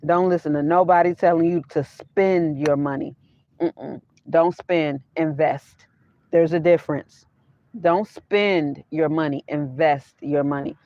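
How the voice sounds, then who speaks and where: Woman vlogger, unhurried, repeats herself, dull lo-fi dry sound, chatting to livestream viewers from her van. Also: low-pitched, dry recording. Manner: repeats her phrases, laughs often, talks straight to chat. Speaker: vanlife vlogger hosting a livestream. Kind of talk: casual livestream chat with viewers.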